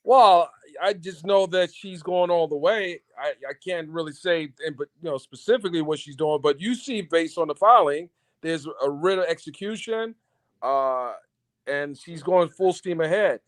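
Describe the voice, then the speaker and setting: A man calling in as a guest on a live stream, talking in a relaxed, confident way about a court case. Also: on the high side, normal speed. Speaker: caller guest. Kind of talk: casual call-in chat.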